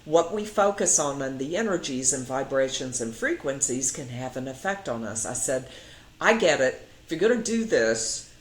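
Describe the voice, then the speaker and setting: Low-voiced woman with a lilt. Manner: animated, acts out quoted voices, laughs often. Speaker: interview guest, psychiatrist. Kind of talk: casual storytelling in an interview. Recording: echoey room.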